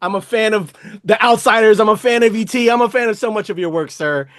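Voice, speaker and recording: A man's voice: high-pitched, quick pace, fairly bright tone, dry recording. Effusive male interviewer, dry sound. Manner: effusive, respectful, calls guest sir. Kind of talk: enthusiastic interview host.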